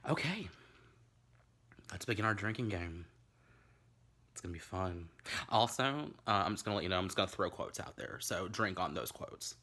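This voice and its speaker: A man's voice: low voice, lively intonation, normal speed, pauses often, pushed and bright. A man from Tennessee, hosting a camp, rambling, crude comic drinking-game video from his bedroom. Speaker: vlog host. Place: bedroom at home.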